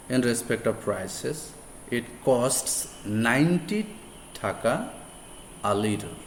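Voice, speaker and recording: A man whose first language is Bengali, with a Bangladeshi accent, teaching English grammar in a deliberate lecture style and repeating words and examples for emphasis. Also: medium pitch. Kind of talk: slow classroom lecture. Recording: echoey room with faint background noise.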